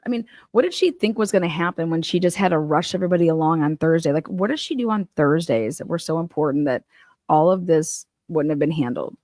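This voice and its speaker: A woman's voice: low voice, fast talker, a little mellow, no echo, studio quality. A woman hosting a livestream, ranting about a trial in blunt, sarcastic, heavily profane casual commentary.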